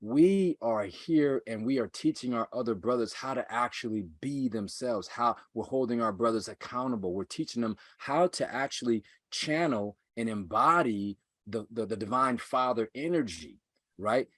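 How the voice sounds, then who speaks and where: A man speaking as a podcast guest and coach, measured and earnest, repeating phrases for emphasis. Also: mid-range voice, a bit bright, no echo, studio quality. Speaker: guest, men's self-mastery coach. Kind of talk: earnest conversational teaching.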